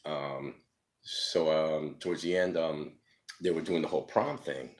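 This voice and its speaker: A man's voice: very deep voice, steady tone, unhurried. A man telling his life story casually, profane and rambling, full of fillers, acting out the people in his stories.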